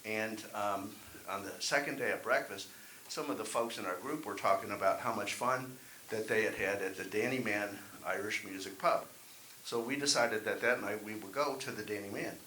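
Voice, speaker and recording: Man, stand-up comedian, wry, self-deprecating, bright voice, echoey room, faint hiss. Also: on the low side, moderate pace, hardly any pauses. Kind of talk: stand-up set at open mic. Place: open mic club.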